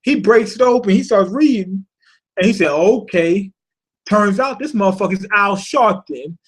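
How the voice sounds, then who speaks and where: A man's voice: sits high, lively intonation, moderate pace, husky. A man giving a casual, profane recap of a comic chapter, rambling and laughing as he swears his way through the plot. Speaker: manga reviewer.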